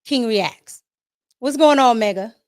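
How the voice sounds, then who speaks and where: Woman host, D.C. accent, slightly high voice, chatty and laughing with her chat. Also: slow. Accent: Washington D.C. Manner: chatty, greets viewers by name, laughs often. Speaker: podcast host. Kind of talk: casual livestream chat.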